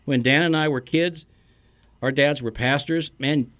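A man's voice: fairly high pitch, steady tone, measured pace, fairly bright tone. A middle-aged man, a pastor hosting a podcast, who teaches in an earnest, storytelling way and chuckles between points.

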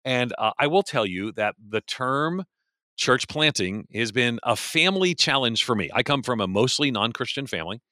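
A man hosting a podcast, talking in a chatty, animated way and often correcting himself mid-sentence. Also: medium pitch, normal speed, no room sound, studio quality. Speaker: podcast host. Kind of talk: casual podcast talk.

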